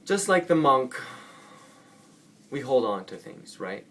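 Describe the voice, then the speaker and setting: A man's voice: medium pitch, big pitch swings, slow, a bit bright, slight background noise. A man vlogging casually about spiritual ideas. He rambles playfully and often corrects himself mid-sentence. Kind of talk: casual spiritual talk to camera.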